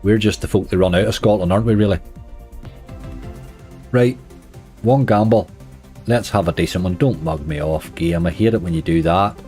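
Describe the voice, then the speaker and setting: A man's voice: sits low, moderate pace, long pauses, mellow, soft background music. A man with a Northern Irish accent giving chatty running commentary as a slots streamer, grumbling at the game and chatting to viewers.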